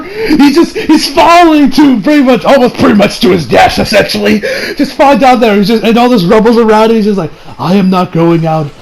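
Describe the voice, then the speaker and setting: A man giving a casual, excited review of an anime episode, often laughing and acting out lines from the show. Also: extremely high pitch, vocal fry, a little hiss or hum, poor audio. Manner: excited, laughing, acts out quotes in funny voices.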